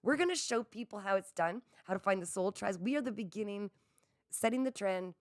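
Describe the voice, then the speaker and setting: A middle-aged livestream host, excitable and quick to laugh, speaks to her viewers directly and reads their comments aloud in a casual chat. Her mid-range voice is fairly quick, captured in clean studio sound without echo.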